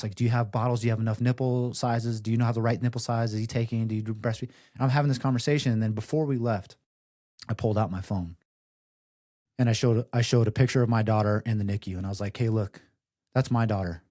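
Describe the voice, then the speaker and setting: A young man, a firefighter guest, telling stories casually on a podcast, full of "like" fillers and growing quiet in tender moments. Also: lowish voice, fast talker, no room sound, studio quality. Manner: animated storyteller, many "like" fillers, softens for emotional parts. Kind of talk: casual storytelling interview.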